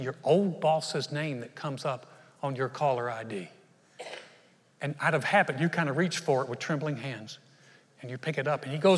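A man preaching a sermon as pastor, animated and acting out short voices in his stories. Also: on the high side, long reverb tail.

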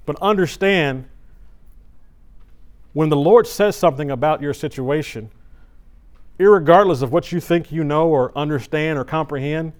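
A middle-aged man preaching at a church service, telling a personal story in a conversational, animated way with frequent restarts. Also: on the high side, normal speed, long pauses.

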